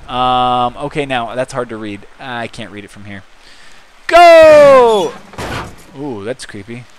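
Excitable man yelling at a game. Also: mid-range voice, slight background noise. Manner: mumbles menus, then bursts into excited yells. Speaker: gaming channel host. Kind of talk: let's-play commentary.

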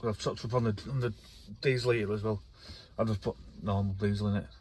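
A man's voice: on the low side, fairly even intonation, quick pace, darkish tone, a little hiss or hum. A man, talking casually and rambling in a vlog from his camper van, swearing a lot and getting worked up. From North West England. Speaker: vlogger.

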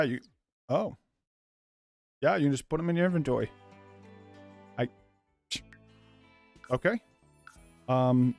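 A gaming YouTuber, a young man, casually commentates a life-sim game in a let's play for his channel, goofing around, calling himself a little loopy, and tossing jokey asides to viewers. His voice is fairly high and creaky.

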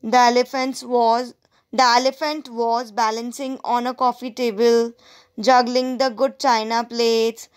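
A woman's voice: on the high side, level tone, a little slow, clean tone. A woman teacher reading a story aloud to students, stopping to explain words and ask them questions. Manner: explains word meanings to students; asks the listeners questions.

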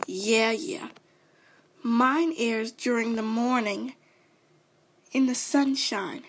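A woman's voice: fairly high pitch, very slow, fairly bright tone, slight background noise, exaggerated voice. A woman voicing a chirpy, bossy female host of a sunny morning show in a fan-made cartoon voice performance. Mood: boastful. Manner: bossy, easily annoyed.

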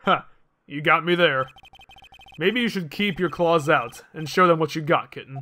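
Man voicing game prosecutor, teasing, low-key, bright, high voice. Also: normal speed. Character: smooth cocky male prosecutor, coffee-drinking.

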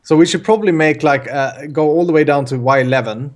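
A man chatting casually while gaming, explaining things with halting restarts and frequent chuckles. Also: on the high side. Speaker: let's play co-player.

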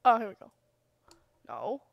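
A woman's voice: medium pitch, big pitch swings, unhurried, vocal fry, dry recording, muffled recording. A young woman commentating her own gameplay, muttering playfully and breaking into sing-song bits as she plays. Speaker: gamer. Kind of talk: casual let's play commentary.

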